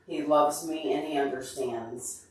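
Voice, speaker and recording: A man's voice: fairly high pitch, fairly even intonation, unhurried. A man hosting a casual livestream, upset and teary, earnestly answering viewers by name. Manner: emotional, earnest, openly tearful. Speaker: livestream host answering chat. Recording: very echoey room, far from mic.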